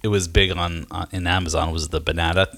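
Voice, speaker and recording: A man with a very low voice and a bright, forceful edge banters on a casual comedy podcast. He throws in quick one-liners and fumbles through his own stories with plenty of uhs and ums. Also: little pitch movement, creaky. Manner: quick joking interjections, hesitant with fillers when telling a story. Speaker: podcast co-host.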